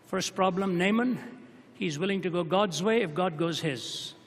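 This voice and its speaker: A man's voice: high voice, moderate pace. Dramatic male preacher in a reverberant hall. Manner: dramatic storytelling, voice rising and dropping to a hush. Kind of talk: sermon.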